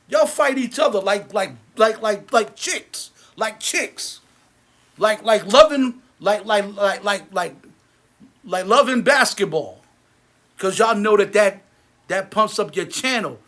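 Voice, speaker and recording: A man and movie theater owner ranting angrily to camera, heated and repetitive, his voice sinking low and quiet between outbursts. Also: expressive, slow. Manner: repetitive, many restarts. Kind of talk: angry rant to camera.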